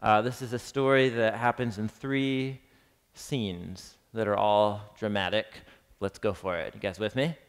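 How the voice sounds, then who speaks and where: A man's voice: on the low side, fairly even intonation, unhurried, smooth. A man teaching a live class on a gospel text, chatting casually, quizzing his listeners and reading passages aloud with drama. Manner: conversational, quizzes the audience, reads scripture dramatically. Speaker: Bible teacher. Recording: long reverb of a large hall.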